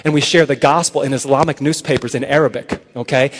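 A man's voice: medium pitch, steady tone, fast, slight background noise. A man preaching to a youth crowd, telling stories with quoted dialogue and checking in with "okay?" again and again. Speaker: evangelist speaker. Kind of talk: evangelistic sermon to a youth crowd. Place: large hall at a youth conference. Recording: long hall reverb.

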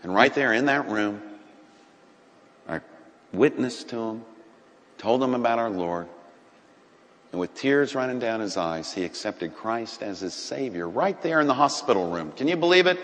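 A man, a doctor, telling a faith story on a talk show, acting out quotes in an animated way. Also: mid-range voice, moderate pace, pauses often, long reverb tail. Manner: animated storyteller, acts out quotes, laughs often. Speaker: doctor and guest.

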